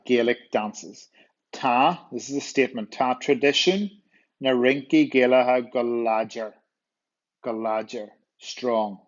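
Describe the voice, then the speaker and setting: A male teacher with a Northern Irish accent, slowly walking students through vocabulary and repeating words to drill them. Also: mid-range voice. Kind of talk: walkthrough lesson explaining vocabulary. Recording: dull lo-fi voice recording.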